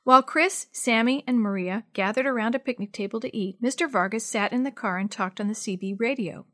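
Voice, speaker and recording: Woman narrator for a kids' story, bright and slightly high, expressive read. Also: a little fast, no room sound, studio quality. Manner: clear, expressive reading.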